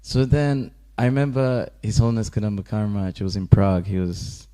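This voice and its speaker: A man's voice: lowish voice, a little fast. A man giving a casual scripture class in a temple, telling a story with lots of laughter and acted-out voices. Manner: animated storyteller, laughs often, acts out quoted voices.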